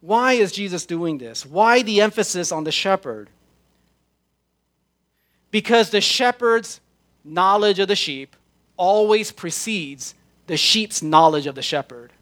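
A man with a notably high voice delivers a sermon. He preaches in an emphatic way and draws out the scripture he quotes, one deliberate phrase at a time. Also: lively intonation, fairly bright tone. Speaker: pastor.

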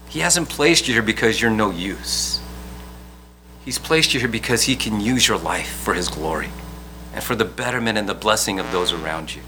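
A man's voice: on the low side, bright, forceful tone, a little hiss or hum. A man preaching a sermon as pastor, earnest and urging, often restarting his phrases.

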